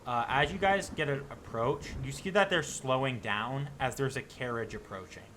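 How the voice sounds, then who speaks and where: A man serves as game master for a tabletop game, narrating loosely with lots of fillers and restarts. His voice is mid-range and a bit bright, at a moderate pace.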